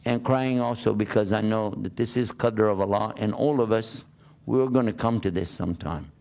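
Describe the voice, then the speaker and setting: Gravelly older American preacher. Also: male voice, fairly low pitch, normal speed. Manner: animated storytelling with rhetorical questions. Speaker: Islamic preacher. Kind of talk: conversational sermon.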